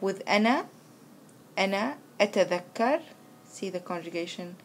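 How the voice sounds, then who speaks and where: A woman's voice: mid-range voice, animated, slight background noise. Woman teaching Arabic verb patterns. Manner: patient, explains step by step, recites conjugations slowly. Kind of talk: recorded language lesson.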